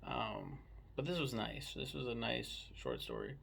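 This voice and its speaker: A man's voice: medium pitch, huge pitch swings, a little slow, gravelly, a bit bright, husky. A man casually chatting about a book he read, rambling and swearing freely. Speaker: book reviewer. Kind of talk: casual book review chat.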